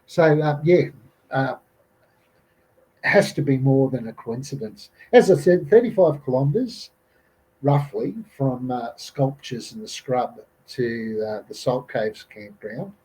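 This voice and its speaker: Rambling Australian man, husky and dark. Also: mid-range voice, slow pace, rough recording. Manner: rambling, many fillers and restarts, quotes people in raised voices. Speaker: podcast guest recounting an encounter. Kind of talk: casual storytelling.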